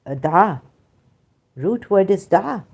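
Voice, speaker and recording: A woman's voice: medium pitch, slow, vocal fry. A middle-aged woman hosting a livestream, talking casually to her chat in an emphatic way with many fillers. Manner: animated, emphatic, frequent fillers. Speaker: livestream host reading chat.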